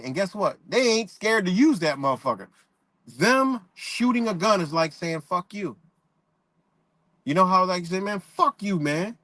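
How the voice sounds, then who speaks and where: A man's voice: sits high, pushed and bright, no room sound. Blunt, profane man ranting on a livestream. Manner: blunt, profane street talk, talks to chat viewers. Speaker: livestream host. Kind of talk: casual live-stream rant.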